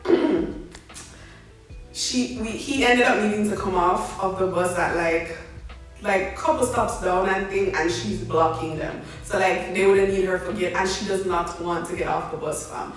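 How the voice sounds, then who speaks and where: A young woman, telling a story in a casual, slangy, animated way and laughing along as she goes. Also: lowish voice, unhurried, soft background music. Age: young adult. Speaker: vlogger. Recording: very echoey room, mic at a distance.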